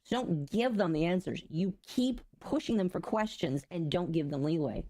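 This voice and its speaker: Lower voiced woman cohost, sarcastic jokey reaction commentary, dry sound. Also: expressive, moderate pace, warm tone, no echo. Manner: joking, sarcastic asides to chat. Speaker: podcast co-host.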